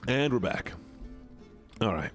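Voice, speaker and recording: Playful lively-voiced male streamer. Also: lowish voice, slow, soft background music. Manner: playful, rambling, stutters through repeated words. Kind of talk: casual live-stream chat while gaming.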